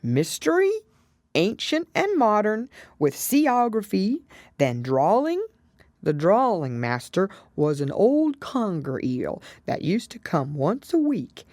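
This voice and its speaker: A woman voicing a sorrowful male sea creature in an audiobook, with a hollow tone and a slow, mournful, sobbing delivery. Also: mid-range voice, very animated, darkish tone, no room sound, clean studio sound, voice pushed up. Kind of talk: audiobook character reading.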